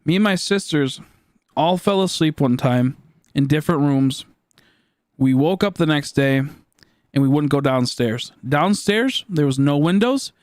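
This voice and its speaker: Late-20s male streamer, chatty and rambling, many fillers, slightly high pitch. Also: expressive, a little slow, darkish tone, dry recording, studio quality. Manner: rambling, full of "like" fillers and restarts. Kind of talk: casual storytelling on a live stream.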